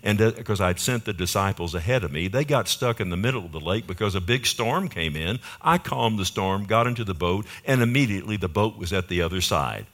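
A man preacher voicing Jesus as a calm adult man who speaks in a casual, matter-of-fact way. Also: fairly low pitch, brisk, few pauses. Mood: offhand.

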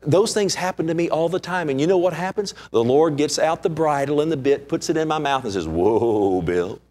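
A man preaching a sermon, explaining scripture and acting out its characters. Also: fairly quick. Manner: animated, acts out scripture characters; pitch swings widely for emphasis.

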